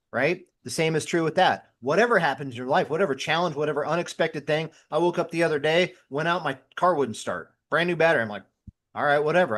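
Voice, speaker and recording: A former firefighter appears as a guest on a casual podcast, telling everyday stories and voicing his own inner thoughts as quotes. His voice is fairly high and a bit bright.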